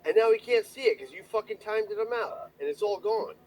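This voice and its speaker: A man on a livestream, shouting, swearing and lecturing someone in an angry rant. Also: sits high, animated, a little fast, poor audio.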